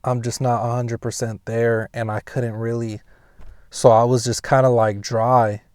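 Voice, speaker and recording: A young man telling a personal story casually, swearing heavily and rambling with restarts, and getting loud and high when he reenacts scenes. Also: little pitch movement, measured pace, clear, resonant tone, no room sound. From Pasadena, California. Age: young adult.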